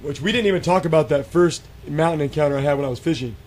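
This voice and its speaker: A man's voice: on the high side, quick pace. A man with a slightly raised voice tells a story casually and with animation, acting out what was said with plenty of fillers and restarts. A faint hiss of noise runs under the voice. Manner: animated, acts out quotes, many fillers and restarts. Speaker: guest telling an encounter story. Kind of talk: casual storytelling on a radio show.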